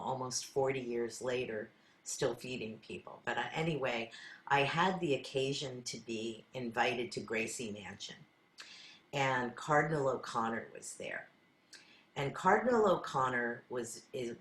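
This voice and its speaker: A woman's voice: rumbling low, fairly bright tone. An older woman leading a class, telling her own stories in an earnest, conversational way and acting out her side of past conversations. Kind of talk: storytelling talk to a group. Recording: roomy echo.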